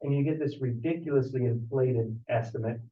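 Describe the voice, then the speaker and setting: A man, a home inspector, giving a casual talk to an audience and telling stories with animated asides. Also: medium pitch, a little fast. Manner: storytelling, animated, acts out callers. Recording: roomy, distant, dull audio.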